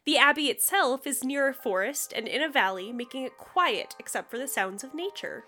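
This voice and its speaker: Woman co-host for a casual podcast, high and bright, giggly, tosses in jokey asides between scripted bits. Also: animated, normal speed. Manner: giggly, reading notes with playful asides.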